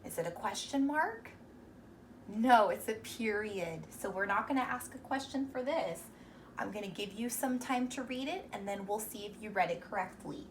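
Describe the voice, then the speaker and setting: A young woman teacher giving a reading lesson to young children, speaking slowly and encouragingly and sounding out words sound by sound. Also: medium pitch, lively intonation, far from the mic, a little hiss or hum.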